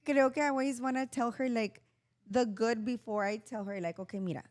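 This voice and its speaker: A middle-aged woman co-hosting a podcast, chatting casually and expressively, with quick bursts of laughter. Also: fairly high pitch, a little mellow, no room sound, studio quality. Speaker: podcast co-host and mother. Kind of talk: casual chat.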